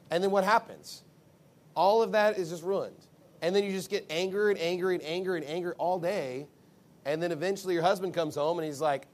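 A man giving sermon-style advice, animated and acting out the voices of people he quotes. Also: high-pitched, brisk.

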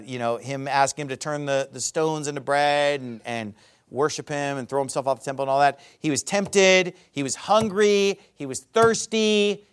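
A man preaching a sermon, animated and emphatic, reading scripture aloud in old-fashioned wording and slowing down on key phrases. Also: high voice. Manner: reads scripture aloud in King James wording.

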